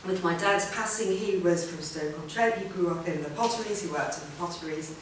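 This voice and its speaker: A woman's voice: fairly low pitch, fairly quick, slight background noise. Woman speaking in an echoey hall. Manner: chatty, rambling, many ums and restarts. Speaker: artist giving a talk. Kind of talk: informal public talk. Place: event room or hall. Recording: roomy hall sound from a distant mic.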